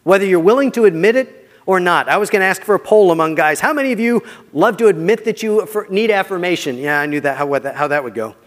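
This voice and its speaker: High-voiced earnest pastor in a reverberant church. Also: male voice, animated, quick pace. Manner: earnest, conversational preaching that often drops soft for emphasis. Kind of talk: sermon.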